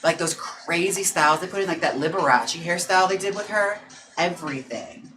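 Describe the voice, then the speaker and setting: This young adult man's voice is on the high side, expressive, pushed and bright, heard in a low-quality recording with slight background noise and music behind it. A drag performer on a live stream, he gossips casually while reading viewer comments, saying "like" and "girl" constantly and laughing fast.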